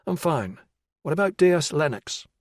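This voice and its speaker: A man's voice: a little high, big pitch swings, normal speed, dry recording, pitched above the performer's own voice. A man voicing an unconventional male detective with a dry, understated way of speaking. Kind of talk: audiobook character voice.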